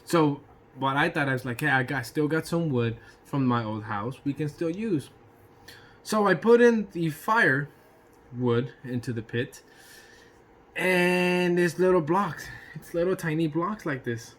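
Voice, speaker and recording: A man telling a casual personal anecdote in an animated way, swearing freely and throwing in sound effects. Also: fairly high pitch, unhurried. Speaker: storyteller.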